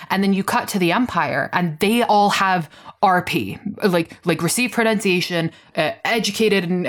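Deep-voiced woman, podcast co-host, impassioned and analytical. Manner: passionate, analytical, restarts often. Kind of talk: casual chat.

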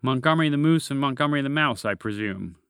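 A man's voice: medium pitch, animated, fast, a bit bright, clean tone, no room sound, studio quality. A man doing a curious shape-shifting dragon in disguise. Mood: commanding. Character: curious human who is secretly a dragon.

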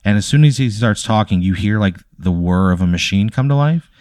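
A young man runs a tabletop game in a low, rambling narrating voice. He keeps breaking into laughter as he spins out the scene. The recording is close and dry, with no room sound. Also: a little fast, a little mellow, dry recording. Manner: loose, rambling storytelling with frequent laughs. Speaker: game master.

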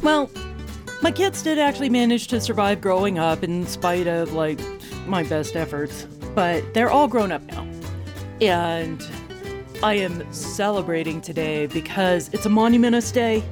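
A woman in her fifties telling comic stories about her family, animated and self-mocking, her voice jumping up for the punchlines. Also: lowish voice, unhurried, over music. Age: 50s. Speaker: vlogger. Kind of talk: comic personal storytelling.

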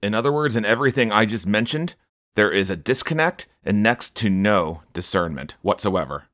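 A man's voice: fairly low pitch, expressive, moderate pace, fairly bright tone, dry recording, studio quality. Stern scolding male preacher. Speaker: podcast preacher. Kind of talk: rebuking sermon.

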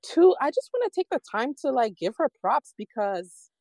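A woman host asking reflective questions in an interview, speaking in an affirming, measured way. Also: high voice, big pitch swings, darkish tone, no room sound. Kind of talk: interview podcast.

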